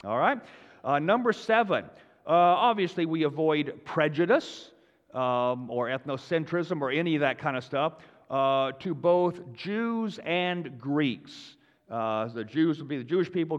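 Pastor teaching in a reverberant hall. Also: male voice, fairly high pitch, fairly quick. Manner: conversational, many fillers and restarts, rising for emphasis. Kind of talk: sermon teaching. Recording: dull sound in a long-reverb hall.

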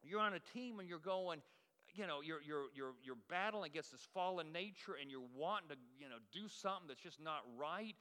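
A man's voice: a little high, animated, a little fast, sharp tone, smooth, long reverb tail. A man preaching a sermon as the pastor, telling folksy, self-deprecating stories to his congregation. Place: church sanctuary.

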